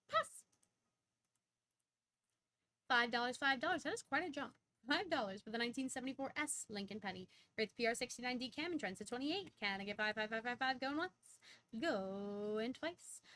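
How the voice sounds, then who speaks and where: A young adult woman hosting a live-stream coin auction, rattling off lots in quick auctioneer patter with sudden bursts of excitement. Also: high voice.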